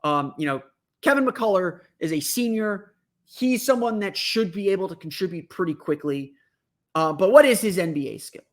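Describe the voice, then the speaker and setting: Casting: male podcast host, higher-pitched voice, off-the-cuff analysis full of restarts. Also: lively intonation, moderate pace. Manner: thinking aloud, many restarts and fillers.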